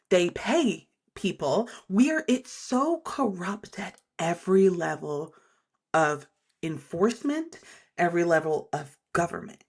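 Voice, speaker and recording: A woman's voice: mid-range voice, slightly rough. Blunt, profane woman ranting about politics. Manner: blunt and profane, drifts into tangents. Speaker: political commentary host. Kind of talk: casual political rant.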